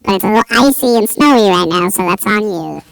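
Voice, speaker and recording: A man's voice: high voice, expressive, a little fast, gravelly, fairly bright tone, clean tone, no echo, voice pushed up, exaggerated voice. A man doing a voice of a crude, bossy male friend laying down rules while driving.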